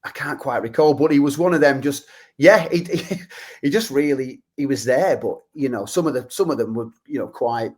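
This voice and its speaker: A man, a guest on a podcast chatting about his football youth in a rambling, halting way. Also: medium pitch, darkish tone. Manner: rambling, halting storyteller with many restarts. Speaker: guest, former youth player and musician. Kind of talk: casual chat.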